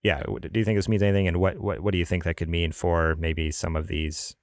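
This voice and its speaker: A man's voice: deep voice, steady tone, fairly quick, no room sound. A man hosting a casual gaming podcast, chatty and rambling, often laughing. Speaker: podcast host.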